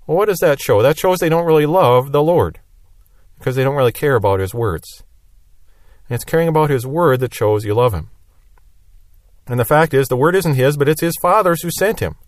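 A man's voice: on the high side, lively intonation, a little fast, pauses often, no echo, clean studio sound. A man teaching a Bible lesson verse by verse, explaining plainly and repeating key phrases.

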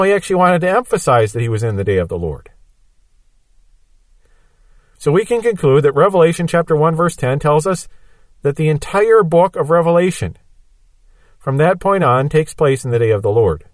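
A man's voice: a little high, sing-song, moderate pace, long pauses, dry recording. A man giving a Bible prophecy lesson, explaining patiently with everyday examples. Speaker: Bible teacher.

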